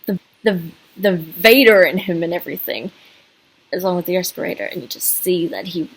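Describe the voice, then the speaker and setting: A woman's voice: on the low side, fairly quick, vocal fry, slightly rough, rough recording. Gushing woman rambling through a fan review. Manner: gushing, rambling, full of fillers and restarts. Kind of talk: casual video review.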